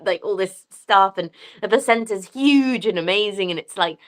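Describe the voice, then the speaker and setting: A woman shares her story with lively excitement. She laughs often and talks in a plain, mid-height voice. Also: mid-range voice, moderate pace. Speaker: guest. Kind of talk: casual conversation.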